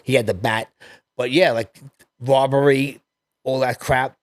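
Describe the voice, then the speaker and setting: A man in his fifties with a New York accent, a podcast guest telling rambling, animated stories from his childhood in a casual chat. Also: medium pitch, unhurried, no echo. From New York City. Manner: animated, rambling anecdotes with restarts.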